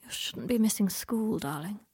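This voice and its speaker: Woman doing hurt wizard guy, tender, whispery, husky. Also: mid-range voice, animated, moderate pace, darkish tone, no echo, studio quality. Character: weak, injured wizard man, proud and tender.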